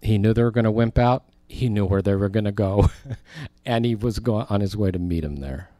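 A man's voice: on the low side, normal speed, mellow, dry recording. A male pastor preaching a sermon in a conversational way, with emphatic asides as he reads and explains scripture.

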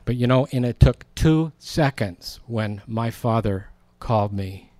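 A man's voice: medium pitch, lively intonation, unhurried, mellow, no room sound. A man preaching a sermon in a conversational, storytelling way, acting out quoted lines.

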